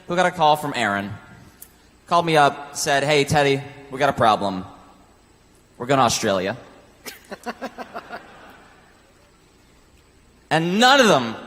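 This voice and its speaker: A man delivering a cocky, deadpan comic monologue on a convention stage. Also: fairly high pitch. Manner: cocky, deadpan swagger with swearing. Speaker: contestant cutting a promo. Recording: long hall reverb.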